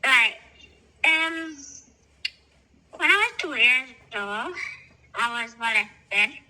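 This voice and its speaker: A woman with a Jamaican accent, speaking through a voice disguise filter and telling her life story haltingly, with many pauses. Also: high-pitched, expressive, pushed and bright, slight background noise, rough recording. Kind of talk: personal storytelling over a call.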